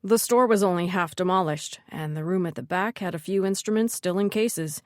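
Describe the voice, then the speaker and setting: A woman's voice: fairly low pitch, moderate pace, no echo, clean studio sound, close to an everyday voice. A woman voicing a teasing, dismissive young man in an audiobook, a playful older brother. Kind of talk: audiobook character voice.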